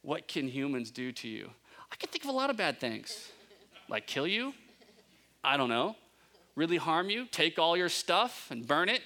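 A man preaching a sermon, asking his listeners questions and building to emphatic peaks, with relaxed conversational asides. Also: a little high, measured pace. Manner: conversational asides, self-correcting. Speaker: pastor.

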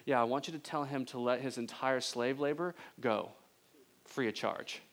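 A man voicing God speaking from a burning bush, calm and hushed. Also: medium pitch, moderate pace, natural voice. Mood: calm, commanding.

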